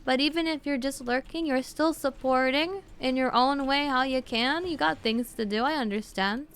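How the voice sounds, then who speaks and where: A woman streamer chatting casually with her viewers, talking with vocal fry and lots of fillers. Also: high voice, normal speed, a bit bright. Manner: chatty, answers chat with fillers and laughs.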